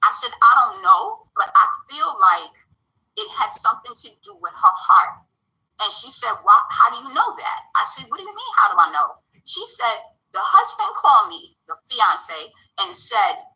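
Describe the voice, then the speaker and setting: Lively, bright-voiced woman telling a story. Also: medium pitch, normal speed, low-quality recording. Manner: animated, acts out quoted dialogue. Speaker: vlogger. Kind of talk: casual storytelling to camera.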